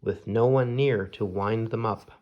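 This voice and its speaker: A man voicing a gentle, earnest, sentimental male owl from a children's storybook, speaking in simple, sincere sentences. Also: fairly low pitch, measured pace, lo-fi sound, close to an everyday voice. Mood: mournful.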